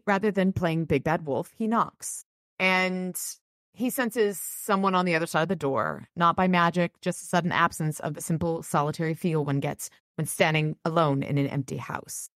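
A woman reads a novel aloud and sums it up in her own words, relaxed and a little halting. Her voice is low, and the recording is dry and close. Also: no echo. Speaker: podcast host reading and recapping a novel. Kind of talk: casual book reading and recap.

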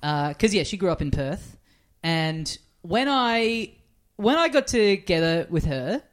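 An Australian man co-hosting a comedy podcast, telling stories in casual, animated chat with plenty of swearing. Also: high voice, measured pace. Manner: animated storyteller, swears freely. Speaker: podcast co-host.

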